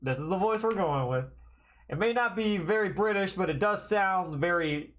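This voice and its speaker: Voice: medium pitch, lively intonation, normal speed, a bit bright, slight background noise. A streamer commentating a live playthrough, with self-deprecating, giggly asides. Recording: game music behind the voice.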